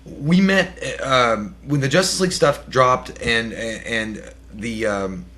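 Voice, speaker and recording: A man's voice: mid-range voice, slow pace, bright, forceful tone. A young man co-hosting a casual movie podcast, cursing freely and laughing as he trash-talks a critic. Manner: profane, laughing trash talk. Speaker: podcast co-host.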